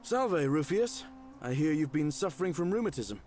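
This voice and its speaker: A man's voice: a little high, big pitch swings, moderate pace, darkish tone, soft background music. An actor playing a friendly, polite Roman man running errands in a game. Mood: kind. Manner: polite, kindly.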